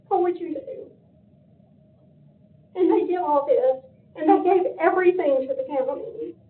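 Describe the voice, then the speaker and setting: A woman's voice: sits high, measured pace, long pauses, a little hiss or hum. An older woman giving an emotional public comment at a county meeting, pleading with her voice breaking. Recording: echoey room, phone-like meeting audio.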